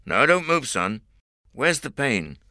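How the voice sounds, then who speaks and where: A man voicing a brisk male paramedic in a storybook reading. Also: mid-range voice, very animated, pushed and bright, dry recording, clean studio sound, pitched above the performer's own voice, heavily acted.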